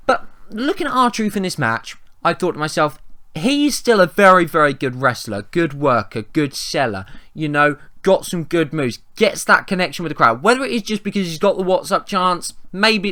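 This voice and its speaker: A man's voice: a little high, very animated, moderate pace, sharp tone. An English man giving a rambling, chatty wrestling review, often restarting his sentences and swearing casually. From England.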